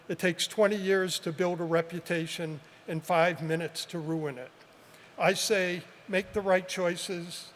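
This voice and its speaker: A man in his seventies, high-pitched for a man, delivers a measured, heartfelt commencement speech with touches of gentle humor. He speaks into a podium mic at an outdoor ceremony, and the sound carries a long, lingering reverb with faint background noise. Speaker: professor giving a commencement address.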